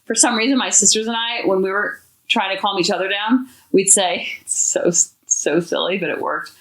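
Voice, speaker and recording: A woman hosting a parenting podcast, talking in a chatty, animated, expressive way. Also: mid-range voice, moderate pace, hardly any pauses. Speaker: podcast host. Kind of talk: casual parenting talk. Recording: echoey room.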